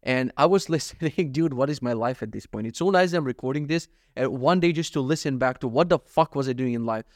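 A man's voice: mid-range voice, fairly quick, few pauses, no room sound, studio quality. A young man hosting a solo podcast, rambling through jokey, profane stories. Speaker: podcast host. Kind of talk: casual solo podcast monologue.

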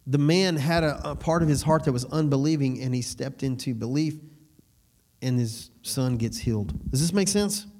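A man's voice: mid-range voice, normal speed, mellow. A man preaching a sermon in a conversational way, laughing between points and asking the room if they follow. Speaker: pastor.

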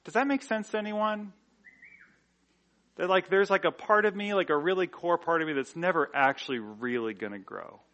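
Male pastor, relaxed conversational preaching, lots of "like" and restarts, a touch higher-pitched. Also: normal speed, dull audio. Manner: conversational, frequent "like" fillers and restarts, rhetorical questions. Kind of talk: sermon.

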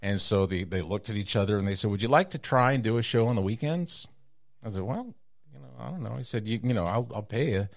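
A middle-aged man from Texas telling personal stories in a casual interview, acting out the voices of people in them with big jumps in pitch. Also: fast talker, dry recording, clean studio sound. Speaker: guest storyteller.

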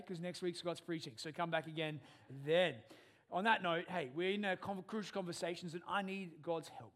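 A man in his thirties, a pastor preaching a sermon in a church and telling animated stories. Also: high voice. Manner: animated storyteller, acts out family dialogue.

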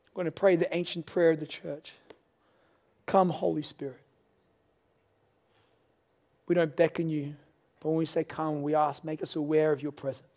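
A middle-aged man preaching a sermon as pastor, earnest and confessional, rising to loud pleading. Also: a little high, level tone, brisk. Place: church service.

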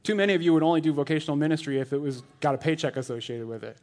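A man in his thirties preaches in a loose, conversational way, packing his talk with "like" and chuckling at his own jokes. His voice sits a little high for a man. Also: rapid-fire, darkish tone. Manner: chatty and joking, lots of "like", laughs at his own jokes. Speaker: lay elder preaching. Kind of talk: casual sermon.

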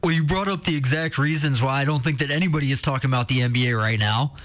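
A man talking sports on a radio show in a relaxed, conversational way. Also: medium pitch, fast talker. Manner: relaxed, conversational, says "man" and "you know". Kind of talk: casual sports talk.

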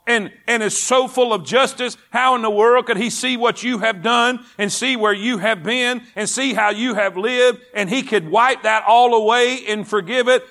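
His voice is extremely high, pushed, and bright. Preaching passionately in a church sanctuary, this pastor keeps repeating phrases and urging the congregation to answer back.

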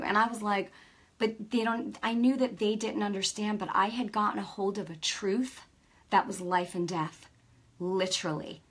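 Middle-aged woman, casual faith talk, animated storyteller, conversational, checks in with listeners. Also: medium pitch, moderate pace, slightly rough. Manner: lively storytelling, acts out quoted dialogue; peppers speech with "right?" and "you know". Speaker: Christian speaker.

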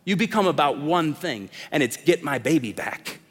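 A middle-aged man preaching a sermon as a pastor, swinging between loud calls and hushed lines. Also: fairly high pitch, lively intonation, moderate pace, slightly rough. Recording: long reverb of a large hall.

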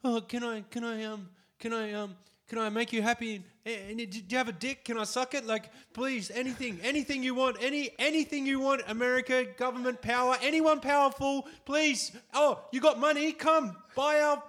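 A man's voice: very high-pitched, steady tone, fairly quick, hardly any pauses, a bit bright, voice pushed up. A man voicing Australia as a desperate man who begs powerful people and curses outsiders, frantic and swearing. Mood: groveling.

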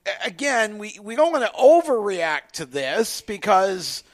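A man co-hosting a sports radio show in a studio, giving slow, emphatic opinions. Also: high voice, sing-song. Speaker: radio co-host.

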